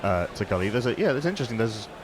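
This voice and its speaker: A man on cricket radio, offering tactical points and figures in a measured, analytical way. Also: lowish voice, sing-song, background noise. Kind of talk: casual commentary-box chat.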